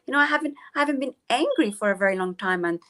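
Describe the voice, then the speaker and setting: A woman guest on a talk show, speaking reflectively and haltingly with many pauses and fillers. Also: fairly high pitch, animated, fairly bright tone. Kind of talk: casual reflective chat.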